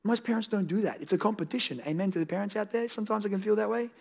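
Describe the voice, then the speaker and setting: A man's voice: high voice, racing, gravelly, darkish tone. A man in his thirties preaching a sermon as a pastor, conversational and candid, rising to emphatic peaks on key points. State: tired.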